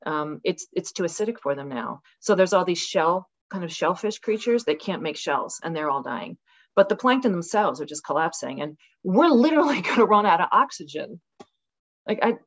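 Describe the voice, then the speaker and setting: A woman's voice: lowish voice, moderate pace, highs cut off. A woman in her sixties, a podcast guest on a video call, talking passionately and acting out quotes as she tells stories. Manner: passionate, animated storytelling with dramatic acted-out quotes. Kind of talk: casual conversational interview. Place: rural home with dogs.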